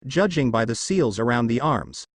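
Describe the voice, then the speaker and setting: A man's voice: medium pitch, expressive, moderate pace, no echo, studio quality, natural voice. A man doing a brash young ninja hero. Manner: blunt, tough-talking. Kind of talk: fan story read aloud.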